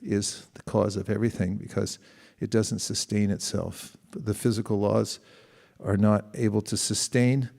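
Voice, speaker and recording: A man's voice: fairly low pitch, little pitch movement, unhurried, vocal fry, darkish tone. A middle-aged man giving a conversational sermon, asking the audience questions and acting out quoted exchanges. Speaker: spiritual teacher.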